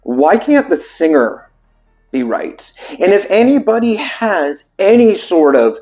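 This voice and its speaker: A man's voice: high-pitched, sing-song, takes it slowly, darkish tone, faint music behind. A man who is a vocal coach, explaining techniques in a loose, casual way, full of fillers and restarts as he thinks aloud.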